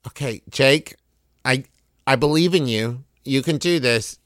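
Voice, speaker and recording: A man's voice: mid-range voice, a little slow, a bit bright, no echo, studio quality, natural voice. A man voicing an injured young woman who gives urgent, bossy orders.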